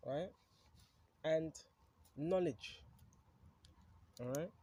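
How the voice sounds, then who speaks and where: Casual preacher with a husky voice. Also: male voice, a little high, measured pace, pauses often, darkish tone. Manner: conversational, keeps asking "right?"; reads scripture aloud between comments. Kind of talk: casual Bible teaching.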